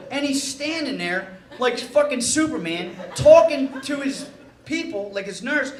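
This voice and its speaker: A man doing a stand-up comedy set on a nightclub stage, telling exasperated, profane stories. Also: extremely high pitch. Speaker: stand-up comic. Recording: echoey club with loud crowd noise.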